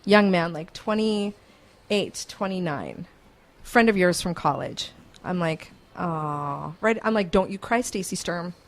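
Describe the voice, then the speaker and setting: A woman's voice: on the low side, takes it slowly. Chatty woman radio host telling a story. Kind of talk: casual radio chat, storytelling. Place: radio studio.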